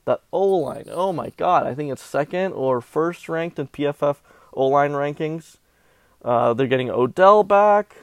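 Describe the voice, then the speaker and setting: A man's voice: on the high side, animated, a little slow, clear, resonant tone, no echo. A man from Southern California hosting a casual sports betting podcast, talking animatedly with melodramatic, self-mocking complaints about his bets.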